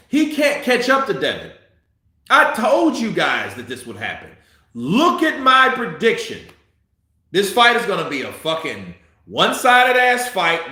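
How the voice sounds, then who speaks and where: A man giving profane, heated live commentary on a boxing fight, a little tipsy, swinging between muttering and shouting. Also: high-pitched, very echoey.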